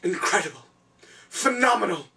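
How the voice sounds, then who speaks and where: A man hosting a comedic talk show in a theatrical, flustered, self-important manner, often shouting. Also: high voice, lively intonation, moderate pace, creaky, recorded from a distance. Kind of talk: over-the-top comedic hosting.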